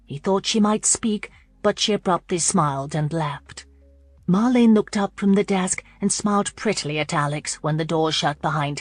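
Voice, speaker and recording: Low-voiced woman reading a romance novel. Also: no echo. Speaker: audiobook narrator. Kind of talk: scripted narration.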